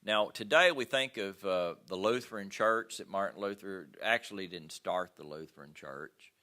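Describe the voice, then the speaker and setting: A man's voice: low voice, normal speed, sharp tone. An older man teaching a history class, talking casually with fillers and stories from his own travels. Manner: conversational, with many fillers and personal anecdotes. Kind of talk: classroom lecture.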